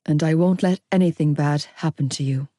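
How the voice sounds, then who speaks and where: A woman voicing a calm young man who speaks in a low, steady, soothing way, in an audiobook. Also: brisk, dry recording, clean studio sound.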